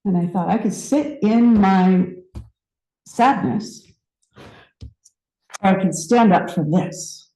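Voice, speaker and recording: A woman in her fifties giving a personal story sermon, conversational and reflective, with pauses and restarts. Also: medium pitch, dark tone, roomy sound, rough recording. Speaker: speaker at a spiritual center.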